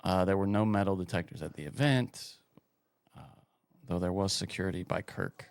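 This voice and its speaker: A man with a lowish voice co-hosts a casual podcast chat in a dry, close sound. He talks bluntly and sarcastically and swears freely. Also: normal speed, clear, resonant tone, dry recording. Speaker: podcast co-host.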